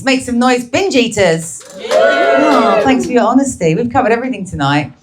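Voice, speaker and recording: A woman's voice: on the high side, huge pitch swings, moderate pace, very noisy. A woman performing a brash, crude stand-up comedy set, teasing the crowd at a live show.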